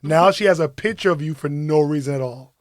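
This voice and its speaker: With a crowd audible behind him, this podcast co-host talks fairly quickly in a voice on the high side. The chat is casual and profane, full of laughter, and he's an animated storyteller.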